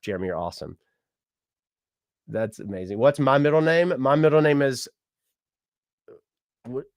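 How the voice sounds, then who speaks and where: A man's voice: medium pitch, a little mellow, no room sound. Upbeat male livestream host reading chat comments, mid-range voice, dry close sound, laughs easily and corrects himself on the fly. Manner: chatty and upbeat, often laughing, with quick self-corrections. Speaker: musician and mortician hosting a livestream.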